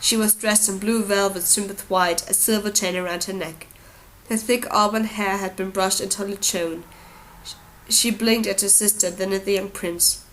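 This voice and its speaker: A woman narrating an audiobook in a steady, even storytelling manner. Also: medium pitch, moderate pace, a little hiss or hum, rough recording. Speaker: audiobook reader.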